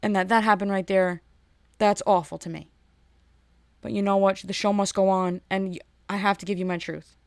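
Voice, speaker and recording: Woman podcast host on a solo rant, animated, repeats herself, mid-range voice, dry close sound. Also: medium pitch, normal speed, clear, resonant tone, dry recording. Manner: animated ranting, restarts and repeats words.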